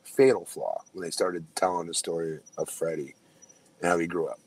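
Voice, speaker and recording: Low-voiced self-deprecating man. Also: flat delivery, normal speed, a little mellow, a little hiss or hum, rough recording. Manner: self-deprecating storyteller, frequent restarts. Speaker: podcast co-host, former wrestler. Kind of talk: casual chat.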